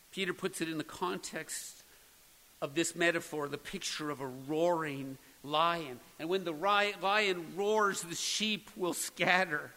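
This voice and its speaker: Pastor, male, bright high voice, slow deliberate sermon delivery. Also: in a large hall, rough recording. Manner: earnest preaching, rising to emphatic peaks.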